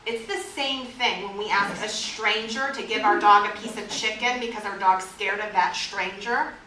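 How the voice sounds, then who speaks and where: Woman dog trainer, lively class talk, vivid examples, roomy sound, faint background hum. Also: mid-range voice, moderate pace. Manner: lively, uses vivid examples and asks the audience questions. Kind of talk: teaching a class. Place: store or training room with an audience. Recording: echoey room, recorded from a distance.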